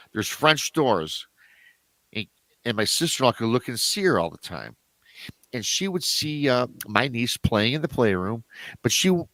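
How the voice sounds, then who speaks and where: Animated man telling a story, dry sound. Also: dry recording. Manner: animated, acts out quoted voices with big pitch jumps. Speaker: podcast guest. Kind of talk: casual storytelling.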